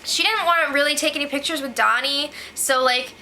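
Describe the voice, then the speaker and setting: A woman's voice: sits high, a little fast, pushed and bright, a little hiss or hum, low-quality recording. A young woman hosting a casual reality-show recap, chatty and sarcastic, with lots of "like.".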